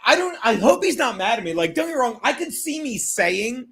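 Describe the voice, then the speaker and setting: A man's voice: extremely high pitch, very animated, a little fast, fairly bright tone. A man hosting a casual livestream, rambling through a profane, self-mocking rant. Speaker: livestream host. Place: home livestream.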